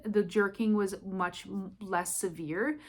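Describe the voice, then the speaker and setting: A woman's voice: medium pitch, fairly even intonation, slow. Candid woman telling her story. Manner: candid, rambling, retells with lots of "I'm like". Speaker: vlogger. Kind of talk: personal storytelling to camera. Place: apartment at home, indoors.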